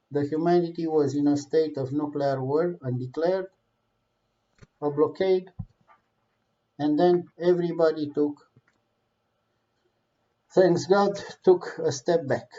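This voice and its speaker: This vlogger delivers heated, impassioned political commentary, swearing and using non-native English phrasing. His voice is fairly high and mellow, captured in a dull lo-fi recording.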